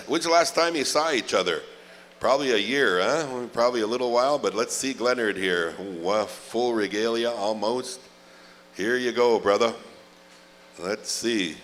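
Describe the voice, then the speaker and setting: Middle-aged male emcee, low-pitched, chatty and joking, stretches out names, reverberant arena PA with faint noise. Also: a bit bright. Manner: chatty, joking, drawn-out name calls. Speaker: powwow emcee. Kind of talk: live event announcing.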